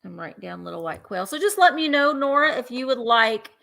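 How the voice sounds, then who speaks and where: A woman's voice: fairly high pitch, animated, brisk, creaky, pushed and bright. A woman hosting a live vintage sale, chatting playfully and counting down bids. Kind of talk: live auction selling chat.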